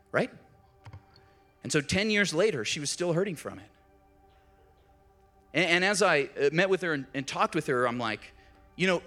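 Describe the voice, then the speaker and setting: A middle-aged male pastor preaching with lively, animated delivery. He swings between forceful emphasis and hushed, quiet moments while telling stories. Faint music sits underneath his voice. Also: fairly high pitch, moderate pace, pauses often. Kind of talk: sermon.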